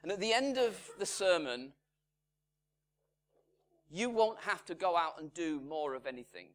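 A pastor delivers a sermon in a fairly high male voice. He speaks slowly and deliberately. His volume rises to strong emphasis and then sinks to hushed, quiet phrases. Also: animated. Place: church in Salford.

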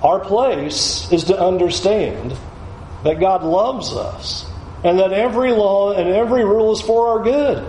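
A man's voice: high voice, measured pace, darkish tone, roomy sound, slight background noise, poor audio. A man preaching a sermon as a pastor, emphatic, repeating key phrases for stress.

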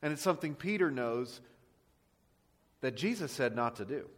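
Booming preacher man in a reverberant hall. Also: lively intonation, normal speed. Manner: booming preacher voice, swings between loud and quiet. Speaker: pastor. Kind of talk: sermon. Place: church sanctuary.

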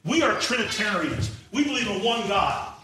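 Middle-aged male pastor, impassioned sermon delivery, high bright voice heard from far off in an echoey church hall. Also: very animated, normal speed. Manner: impassioned preaching, rising to shouts. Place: church sanctuary.

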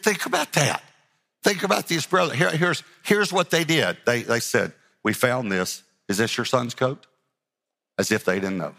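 A man's voice: on the low side, a bit bright, big-room sound. A male pastor preaching a dramatic sermon, often restarting his sentences and acting out scenes. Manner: dramatic, acts out Bible scenes in character voices; repeats words as he restarts sentences.

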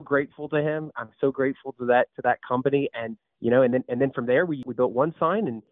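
A man in his thirties, a company founder telling his story as a podcast guest, animated and full of restarts and repeated words. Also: mid-range voice, fast talker, no room sound. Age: 30s. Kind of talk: casual storytelling interview. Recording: tinny phone-like line, dry.

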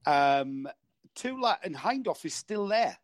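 Northeast English male commentator, quick and chatty, slightly high voice, dry close sound. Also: very animated, no room sound. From northeast England. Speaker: racing commentator. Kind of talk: casual panel chat.

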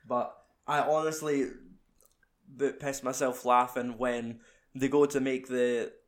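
A man's voice: medium pitch, little pitch movement, slow. A young man chatting casually about a film, rambling and swearing as he retells scenes. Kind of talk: casual film review chat.

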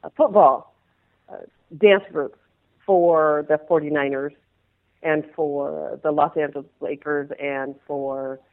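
Animated woman storyteller over a tinny line. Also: low-pitched, takes it slowly. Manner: animated, acts out scenes in changing voices. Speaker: interview guest, former pro dancer. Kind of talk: personal storytelling in conversation.

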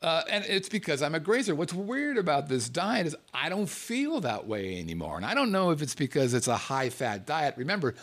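A man's voice: on the high side, very animated, brisk, hardly any pauses, a bit bright. A man telling a casual story in a monologue, joking at himself and swearing freely.

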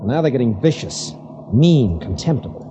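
An actor playing a worried, earnest cousin in a 1940s radio drama, speaking urgently. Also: male voice, medium pitch, animated, normal speed, natural voice. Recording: hissy, dull old radio recording.

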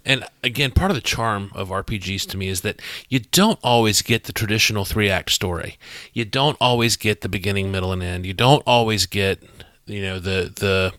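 A man talking as game master on a podcast, animated and full of restarts, acting out quotes as he recaps a session. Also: on the low side, normal speed, no room sound. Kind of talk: podcast discussion.

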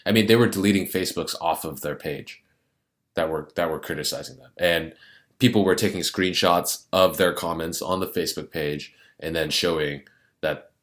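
Deep-voiced man, matter-of-fact. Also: moderate pace. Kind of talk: casual chat.

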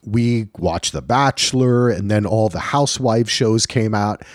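A low-pitched man co-hosting a podcast in relaxed, lively chat. He acts out quick back-and-forth exchanges as he talks. The recording is dry, with no room sound. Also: no room sound. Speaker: podcast co-host. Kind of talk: casual chat.

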